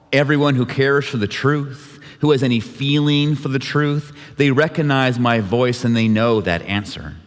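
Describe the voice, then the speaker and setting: A man leading a church service, telling a scripture story with light voicing of each character. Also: medium pitch. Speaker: worship leader. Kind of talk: dramatic scripture retelling. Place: church sanctuary. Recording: long hall reverb.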